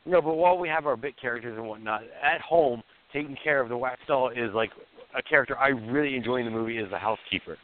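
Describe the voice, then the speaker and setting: A man's voice: medium pitch, fast talker. A man co-hosting a horror movie podcast, talking casually with giggles and hesitant restarts. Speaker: podcast co-host. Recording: tinny phone-like audio.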